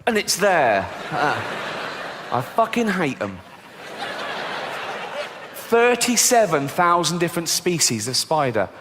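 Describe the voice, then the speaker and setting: A middle-aged man performing a deadpan stand-up comedy routine on a theatre stage, swearing freely and putting on squeaky voices for children. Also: slow, pauses often. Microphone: stage microphone. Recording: live show recording with long hall reverb and faint background noise. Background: live audience laughter.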